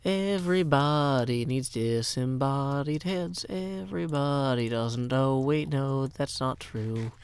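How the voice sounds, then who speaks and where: A man's voice: medium pitch, takes it slowly, few pauses, smooth. A man from Tennessee chatting casually on a game livestream, rambling and joking as he thanks donors. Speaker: gaming livestreamer. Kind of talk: casual livestream chat while playing.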